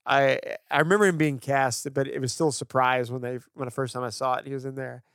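A man co-hosting a podcast, chatting about movies with enthusiastic, animated storytelling. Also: medium pitch, fast talker, smooth, no room sound, clean studio sound. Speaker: podcast co-host. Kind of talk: casual film discussion.

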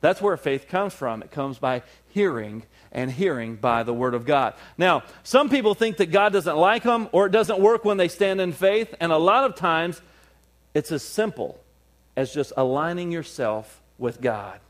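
Man, pastor, sermon, fervent, slightly high voice, swings quiet to loud. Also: animated, a little slow. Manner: acts out everyday scenes in small voices.

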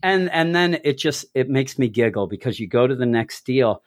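A man's voice: medium pitch, animated, moderate pace, no echo, clean studio sound. A man hosting a casual chat, retelling a comic story animatedly and acting out the quotes. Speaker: podcast host.

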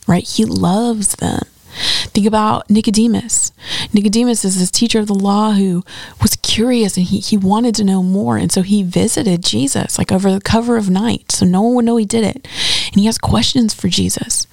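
Woman doing a bible study, chatty and earnest, bit of vocal fry, dry close sound. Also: medium pitch, darkish tone, dry recording. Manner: conversational, earnest, quoting scripture dramatically. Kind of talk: casual Bible study teaching.

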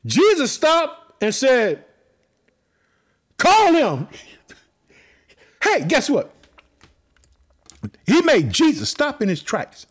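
A fired-up man preaching a sermon. His voice sits very high and swings wildly up and down, breaking into shouts as he repeats his catchphrases. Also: huge pitch swings, takes it slowly, long pauses. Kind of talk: fiery sermon.

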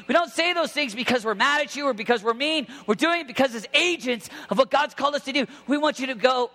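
A man in his thirties preaching an impassioned sermon to teenagers as a youth pastor, often shouting. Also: extremely high pitch, lively intonation, quick pace, hardly any pauses. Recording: long hall reverb.

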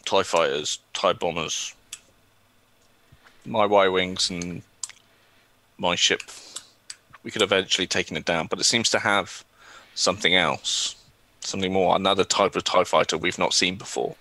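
Stern elderly alien fleet commodore, played by a man, slow and gruff, bright-edged low voice. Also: steady tone. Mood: grave. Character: elderly male Mon Calamari commodore, stern officer.

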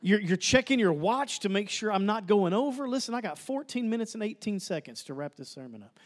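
A man's voice: high voice, animated, fairly quick. A male pastor preaching a sermon in a church, telling stories with humor and repeating phrases. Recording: long reverb of a large hall.

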